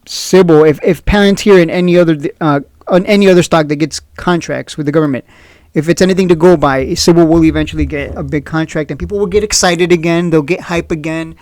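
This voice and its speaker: A man's voice: a little high, fairly quick, darkish tone, no echo. A blunt, opinionated man talks through stock picks with a slightly raised voice and a sarcastic edge. He is recorded close and dry, with no room sound at all. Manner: blunt, opinionated, sarcastic, often laughs at critics. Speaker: stock market video host. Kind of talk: casual trading commentary.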